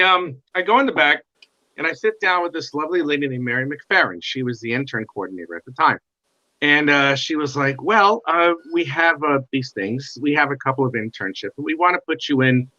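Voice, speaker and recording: Middle-aged guy telling stories in an interview, bright forceful voice, kinda dull lo-fi sound. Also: fairly high pitch, a little fast. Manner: animated, acts out quoted dialogue. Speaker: guest comic artist. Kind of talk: casual interview storytelling.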